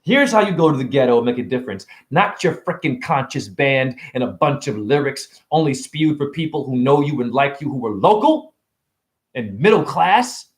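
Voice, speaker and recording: A man's voice: medium pitch, very animated, moderate pace. A middle-aged man, a self-styled spiritual teacher, giving a profane, confrontational freestyle lecture. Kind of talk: freestyle preachy rant. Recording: echoey room.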